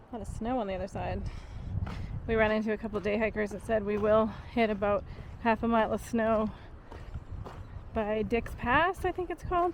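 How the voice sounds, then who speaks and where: A woman from Vancouver Island, a tired long-distance hiker, chatting excitably into a handheld camera on a mountain trail. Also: mid-range voice, slight background noise. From Vancouver Island, Canada. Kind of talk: casual trail vlog.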